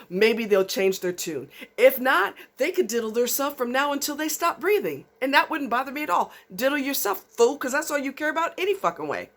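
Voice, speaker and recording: A woman's voice: a little high, a bit bright. A woman vlogger, delivering a fired-up, profane rant straight to her viewers. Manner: fired up, blunt, swearing heavily. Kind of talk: angry profane rant to camera.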